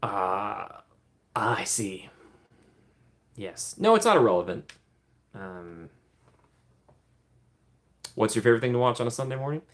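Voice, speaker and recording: His voice sits on the low side but swings widely in pitch, and he speaks at a measured pace with long pauses and a fairly bright tone. He's a livestream host doing a relaxed live Q&A, reading viewers' questions aloud, laughing a lot and filling gaps with um.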